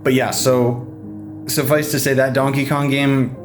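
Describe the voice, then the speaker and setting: A man's voice: mid-range voice, level tone, measured pace, music in the background. A young man, a new father, talking frankly on a casual home vlog, stressed and swearing freely. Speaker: vlogger, father of a baby.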